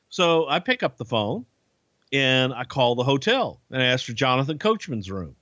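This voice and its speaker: A man casually telling a profane, animated anecdote on a podcast. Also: medium pitch, normal speed, no echo. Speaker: podcast storyteller. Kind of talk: casual storytelling. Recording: dull lo-fi podcast audio.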